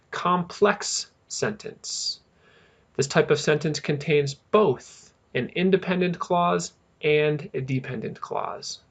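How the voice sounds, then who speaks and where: Man with a gravelly voice teaching grammar. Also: medium pitch. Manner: slow, deliberate, stresses key terms. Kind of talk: grammar lesson narration.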